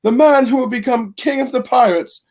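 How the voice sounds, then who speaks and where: A man's voice: very high-pitched, moderate pace, a little mellow, voice pushed up. A man voicing a cheerful, bold young pirate captain with a brash, boastful delivery.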